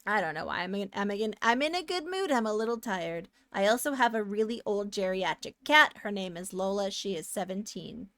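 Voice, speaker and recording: A woman streaming a retro adventure game, chatting casually and playfully with her viewers and breaking into loud bursts of frustration. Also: medium pitch, lively intonation, brisk, hardly any pauses, dry recording, studio quality. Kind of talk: casual live-stream commentary.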